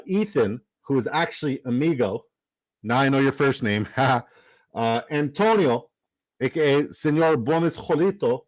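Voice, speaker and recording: This livestream host speaks at medium pitch, casual and upbeat, rambling with fillers, giving shout-outs and reading viewer comments aloud. There's no echo, but the recording is rough.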